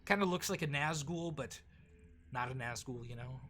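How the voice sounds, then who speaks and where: A man running a tabletop game with a bright, forward voice, describing the scene in a loose, casual way. A faint hiss of background noise sits under the recording. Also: medium pitch, moderate pace. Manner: casual, descriptive, with frequent fillers. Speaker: game master.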